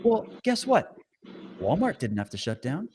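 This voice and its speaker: A man interviewing a guest, animated, sarcastic and indignant, talking heatedly. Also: fairly high pitch, unhurried, noisy background.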